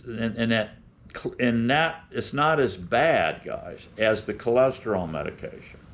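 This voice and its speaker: Rambling older man, lo-fi. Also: on the low side. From Florida. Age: 70s. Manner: folksy, opinionated, rambling with restarts. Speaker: beekeeping channel host. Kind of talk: rambling casual vlog talk. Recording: dull lo-fi sound.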